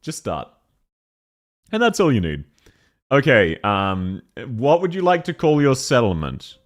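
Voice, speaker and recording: A man's voice: mid-range voice, wildly swooping pitch, unhurried. A young man chatting casually on a live stream while playing a game, laughing often and answering chat.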